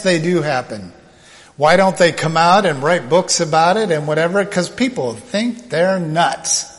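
A man preaching a sermon, slow and emphatic, now and then acting out the voices he quotes. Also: fairly high pitch, in a large hall.

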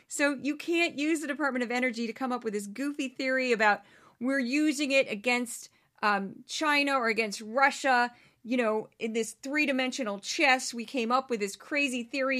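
Sarcastic animated woman podcast host. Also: a little high. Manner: sarcastic, animated, mocking impressions. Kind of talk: opinionated commentary.

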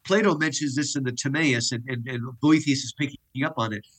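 A middle-aged man, a guest professor, explaining ideas in an animated, lecturing way over a video call. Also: mid-range voice, a little fast, breathy edge.

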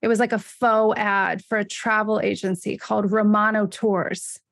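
A woman hosting a podcast, chatting in a bubbly, animated way and laughing often. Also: medium pitch, normal speed, vocal fry, dry recording. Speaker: podcast host. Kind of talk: casual podcast conversation.

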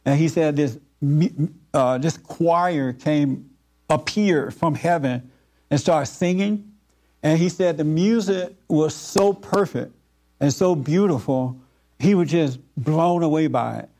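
A man giving an informal spiritual talk to a group, earnest and repetitive, with frequent halting fillers. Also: fairly high pitch, warm tone.

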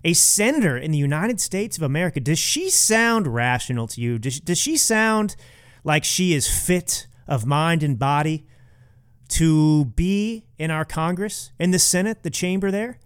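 Man, podcast host, political commentary, mocking, sarcastic, lively swooping voice. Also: a little high, unhurried, clean tone.

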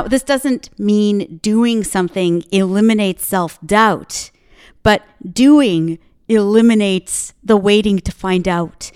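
A woman's voice: mid-range voice, clear, resonant tone. A woman hosting a podcast, speaking into a microphone in an emphatic motivational monologue with punchy repeated slogans. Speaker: podcast host.

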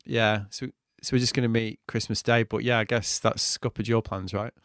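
A man in his thirties, co-hosting a podcast in a relaxed, chatty, self-deprecating way. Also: on the low side, moderate pace, clean tone, no echo, clean studio sound. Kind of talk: casual chat.

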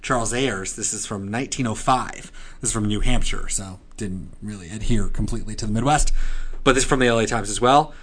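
A man co-hosting a casual podcast, reading old newspaper headlines in a loud old-time newsboy voice between chatty asides. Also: lowish voice, fairly quick. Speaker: podcast co-host.

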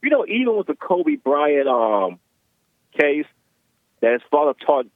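A man phones in to a talk show with a rather high voice. He rambles, leaning heavily on filler words as he talks. The call comes through a thin, tinny phone line with a dry sound. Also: big pitch swings, a little slow, no echo. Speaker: caller.

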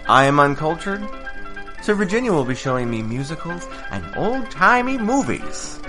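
A man hosting a podcast, reading a loud, theatrical promo. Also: on the high side, sing-song, normal speed, over music.

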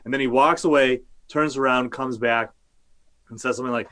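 A man's voice: mid-range voice, steady tone, a little fast, fairly bright tone. A male journalist talking casually as an interview guest, rambling with many fillers and restarts, and cursing now and then.

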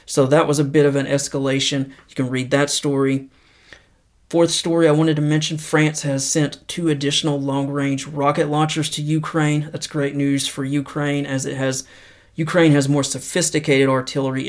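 A man hosting a podcast, talking through news stories in a conversational way and slowing down to read quotes aloud. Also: fairly high pitch. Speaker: podcast host. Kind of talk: news roundup and motivational quotes.

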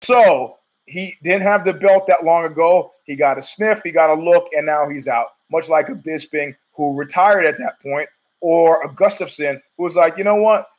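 A man's voice: on the high side, normal speed, rough recording. A middle-aged man hosting a podcast, rambling through a profane, opinionated monologue full of restarts. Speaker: podcast host.

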